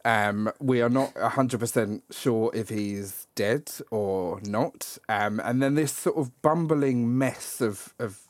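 A man's voice: medium pitch, slow, hardly any pauses, no room sound. A man hosting a casual podcast chat about a film, rambling with many ums and frequent laughs. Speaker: podcast host.

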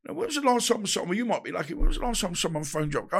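A man's voice: sits high, big pitch swings, very fast, creaky, a bit bright, slightly rough. A man, telling stories bluntly in a casual interview and acting out the dialogue he quotes. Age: 50s. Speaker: guest, boxer.

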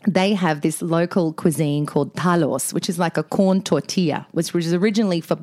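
A giggly Australian woman chats on a podcast, telling stories. Her voice sits on the lower side and rambles through anecdotes with easy laughter. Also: fairly quick, a little mellow, no echo, studio quality. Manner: chatty, giggly, storytelling. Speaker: podcast co-host. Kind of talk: casual chat.

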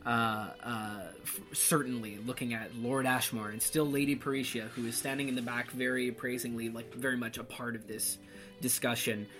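A male game master narrates a fantasy tabletop session at a middling pitch. He describes the scene in a lively, chatty way, with faint music playing behind him. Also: normal speed. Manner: lively, descriptive, laughs often.

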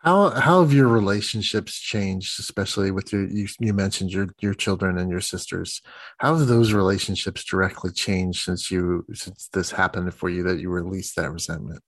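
An attentive interviewer with a very low, husky voice asks careful follow-up questions. The sound is dry and close, with soft affirming murmurs in between. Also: moderate pace, no echo. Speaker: podcast host.

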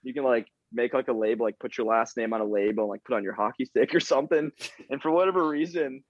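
A young man with a stuffy nose, excitedly telling stories in a casual podcast chat and laughing as he goes. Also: medium pitch, fast, no echo. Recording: dull, dry lo-fi sound.

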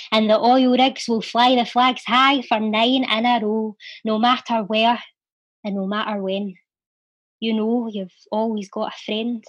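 A woman's voice: on the high side, no room sound. A Scottish woman reading her own poem with a rhythmic, heartfelt delivery, then chatting casually as an interview guest. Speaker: guest, poet and charity volunteer. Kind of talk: poetry recital and casual interview chat.

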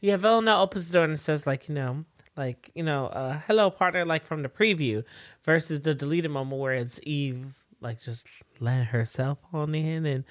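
Guy podcast cohost, kinda high voice, dry close sound, laughs a lot, playful chatter. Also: moderate pace, no room sound. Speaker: podcast co-host. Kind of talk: casual chat recapping a TV episode.

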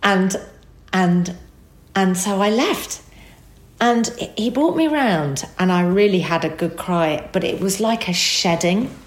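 A woman telling an emotional personal story as a guest, animated and acting out the dialogue. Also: mid-range voice, takes it slowly, reverberant.

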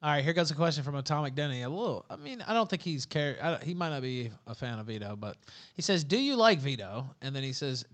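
A male podcast host reads viewer questions aloud between casual chat, with many fillers and restarts. His voice is bright and sits a little high. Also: big pitch swings, fast talker. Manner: loose, hesitant, filler-heavy.

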